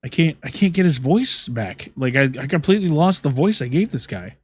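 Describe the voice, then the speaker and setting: A man's voice: on the high side, expressive, a little fast, a little mellow, slightly rough, no room sound. A man streaming a game and voicing its characters, who rambles and mocks himself while reading the lines.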